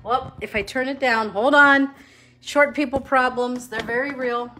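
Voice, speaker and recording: A woman's voice: high-pitched, fairly even intonation, measured pace, bright, forceful tone, roomy sound, slight background noise. A middle-aged woman hosting a live home cooking show, bubbly and chatty, laughing at herself as she goes. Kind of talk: live cooking stream, casual chat. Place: home kitchen.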